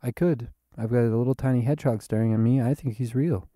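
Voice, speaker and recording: A tipsy man hosts a rambling solo podcast, playful and self-mocking, sometimes drifting into sing-song. His mid-range voice is warm and fast with fairly even intonation, recorded clean in a studio with no echo. Faint looped guitar plays behind him.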